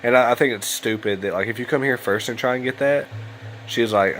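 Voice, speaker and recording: Tired low-voiced man rambling over gameplay. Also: a little fast, fairly bright tone, a little hiss or hum, low-quality recording. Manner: chatty and rambling, tired and yawning late at night. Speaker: let's play host. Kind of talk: casual gameplay commentary. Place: home room at a computer.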